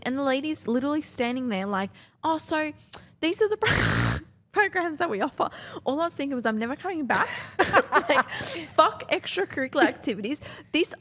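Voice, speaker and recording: A young woman, co-hosting a podcast and telling a story in casual, animated chat, swearing often and acting out other people's lines. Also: fairly high pitch. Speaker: podcast co-host.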